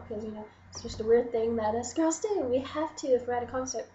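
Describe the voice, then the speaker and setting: A young adult woman vlogger telling a story in an excited, rambling way, full of "like". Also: a little high, brisk, echoey room, muffled recording, slight background noise. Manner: excited, rambling, gushing, lots of "like". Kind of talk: casual storytelling to camera.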